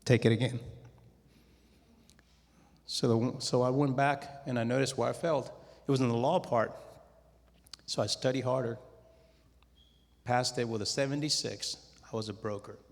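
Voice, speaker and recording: Man, middle-aged, conference testimony, animated storytelling, long hall reverb. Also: mid-range voice, normal speed, long pauses. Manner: animated storytelling, acting out his own quotes. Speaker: conference speaker. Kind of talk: testimony talk to an audience.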